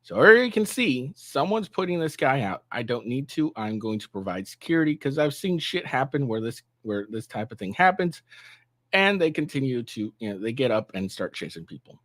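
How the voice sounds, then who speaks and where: Lively, rambling male vlogger. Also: mid-range voice, a little fast, no room sound. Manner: rambling, with fillers and sarcastic asides. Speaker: commentary vlogger. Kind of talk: casual reaction commentary.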